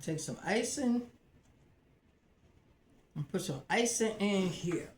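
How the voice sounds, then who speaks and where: A married woman hosting a casual live cooking video at home, chatting excitedly to her viewers and laughing often. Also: medium pitch, takes it slowly, a little hiss or hum. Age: adult, married. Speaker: host of a home cooking channel. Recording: roomy echo.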